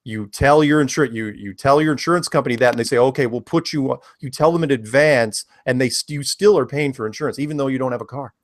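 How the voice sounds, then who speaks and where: A man's voice: medium pitch, quick pace, few pauses, no room sound, clean studio sound. A man chatting casually as a guest, telling a long, rambling story and often repeating his words. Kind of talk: casual chat.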